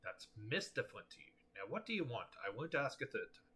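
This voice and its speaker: Guy putting on a snooty cranky old man, voice jumps way up high when he's annoyed. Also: sing-song, fairly quick, sharp tone, breathy edge, full character voice. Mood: prickly. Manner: haughty, prickly and suspicious. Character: cantankerous older man on the phone.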